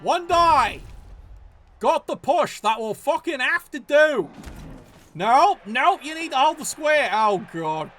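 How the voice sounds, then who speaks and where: High-pitched man commentating. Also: big pitch swings, slow pace, a bit bright, faint music behind. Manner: profane, exasperated, scolding the players. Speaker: game commentator. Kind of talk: live play-by-play commentary.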